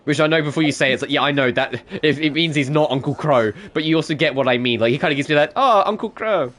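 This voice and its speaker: A man's voice: fairly high pitch, steady tone, rapid-fire, a bit bright. A man streaming a video game with casual commentary, chatty, laughing and swearing freely. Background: game music.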